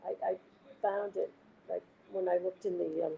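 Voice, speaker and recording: A woman's voice: fairly low pitch, fairly even intonation, normal speed, gravelly, phone-quality sound, slight background noise. A woman from Massachusetts with a Boston accent, chatting casually and rambling as she retells conversations with other people. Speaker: host. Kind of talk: casual chat with viewers.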